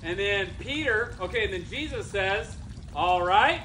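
A man tells a Bible story to a youth club, getting the teenagers to act it out and repeat his lines. His high voice is animated, pushed and bright at a normal speed. The noisy room echoes with the crowd's laughter.

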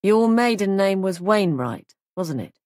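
A woman's voice: mid-range voice, expressive, unhurried, a little mellow, dry recording, studio quality, lightly acted. A woman reading the lines of a young man posing as a police sergeant, smug and coolly menacing. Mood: cold.

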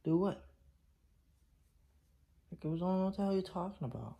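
A man's voice: sits high, lively intonation, normal speed, vocal fry, warm tone, breathy edge. A man in a car chatting casually, with slangy, laid-back teasing. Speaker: vlogger, the boyfriend. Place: inside a car.

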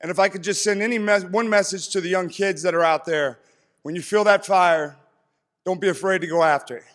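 A man's voice: sits high, a little fast, fairly bright tone. A man in his thirties from East Tennessee giving an earnest, heartfelt acceptance speech on a stage. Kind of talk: speech to an audience. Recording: long hall reverb from PA.

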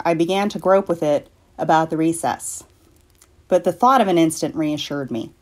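A woman from a library reading a classic story aloud in a measured, deliberate way. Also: on the low side. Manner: measured, deliberate, slowing for effect. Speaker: library staff reader.

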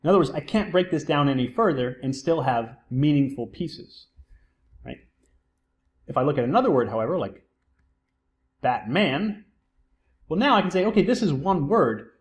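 A man giving a recorded psychology lecture, explaining terms step by step and often posing a question and then answering it himself. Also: fairly high pitch. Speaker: psychology instructor.

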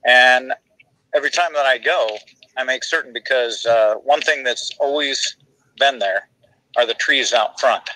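A man, a guest bass player, telling rambling anecdotes in casual chat with many fillers. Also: unhurried, pushed and bright, no room sound, rough recording. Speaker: guest bassist.

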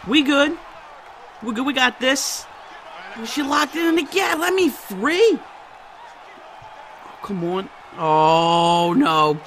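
Excitable high-voiced gamer man yelping. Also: takes it slowly, long pauses, a faint crowd. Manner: excitable, yelping, laughing and swearing. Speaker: gamer commentating his own match. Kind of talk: excited let's-play commentary. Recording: noisy background.

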